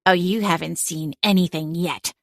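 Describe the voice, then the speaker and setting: A woman's voice: mid-range voice, expressive, a little slow, fairly bright tone, no room sound. A woman voicing an ageless, sardonic female cat familiar who scoffs and speaks dryly in a cozy audiobook. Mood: menacing. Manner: dry, scoffing, sarcastic.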